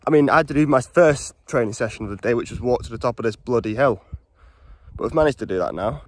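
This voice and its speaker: Chatty man vlogging outdoors. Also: mid-range voice. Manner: chatty, excitable, swears mildly. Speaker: cycling vlogger. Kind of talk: casual vlog chat. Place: outdoors on hills.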